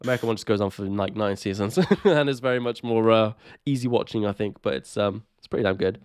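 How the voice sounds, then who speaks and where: A man's voice: fairly low pitch, fast talker, darkish tone, smooth, dry recording, clean studio sound. A man co-hosting a casual podcast, chatty and laughing often, swearing casually into a desk microphone over a voice call. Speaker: podcast co-host. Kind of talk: casual chat.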